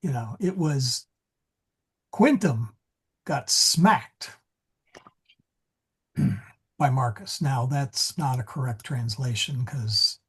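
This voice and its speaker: Man, teacher, husky breathy voice, slow delivery, digressive. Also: mid-range voice, fairly bright tone. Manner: digressive, self-correcting. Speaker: Latin teacher. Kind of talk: classroom lesson. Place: church meeting room.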